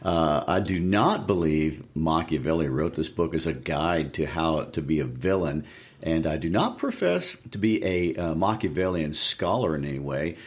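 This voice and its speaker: A man co-hosting a book podcast, speaking thoughtfully with frequent hesitations as he recaps and weighs ideas. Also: low-pitched. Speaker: podcast co-host. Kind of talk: conversational literary discussion.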